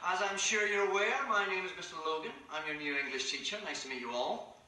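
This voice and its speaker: A dry Scottish teacher. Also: male voice, high voice, fast, pushed and bright. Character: stern Scottish male English teacher, dry. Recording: roomy, distant, noisy classroom clip.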